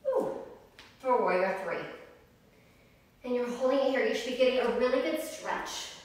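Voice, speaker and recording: A high, bright-voiced woman guides a home yoga flow in an upbeat, chatty way, counting reps and drifting into tangents while a little winded. She is picked up from across a very echoey room, with a faint hiss under her voice. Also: far from the mic. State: slightly out of breath. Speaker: yoga instructor. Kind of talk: guided home workout livestream.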